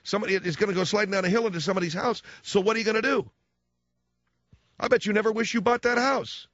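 Man doing a nagging father-in-law, Chicago-Minnesota accent, higher voice, dry dull sound. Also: fast talker, a bit bright, dry recording, faint music behind. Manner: nagging, warning.

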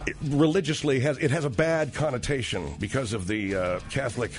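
A man hosting a talk radio call-in show, brisk and keeping the call on track. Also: medium pitch, faint music behind. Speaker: radio host.

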